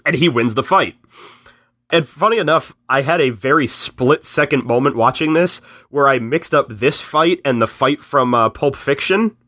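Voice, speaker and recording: A man recapping a film in casual podcast chat, telling it in an animated way and slipping into quick voices for the characters. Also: mid-range voice, dry recording, studio quality.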